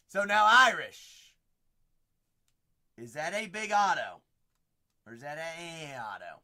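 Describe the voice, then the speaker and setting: Excitable animated man opening cards. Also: a little high, slow pace, gravelly, pauses often. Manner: excitable, exclaiming, chatty asides. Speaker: card break host. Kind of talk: live-stream card breaking.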